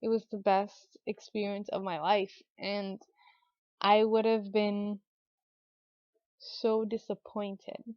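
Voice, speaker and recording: A woman's voice: medium pitch, flat delivery, slow, pauses often, clean tone, no echo. A young woman and new mother telling a personal story in a casual, chatty way, with lots of fillers, lifting her voice when she quotes herself and others. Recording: dull, lo-fi recording.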